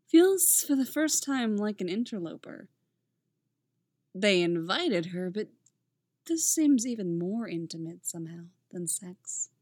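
Woman reading a story, soft and intimate, mid pitch, dry close mic. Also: breathy edge, dry recording. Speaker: audiobook reader. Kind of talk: reading fan fiction aloud.

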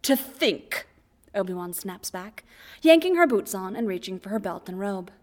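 A woman narrating fan fiction aloud as an audiobook, in a quiet, even storytelling voice. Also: mid-range voice, normal speed.

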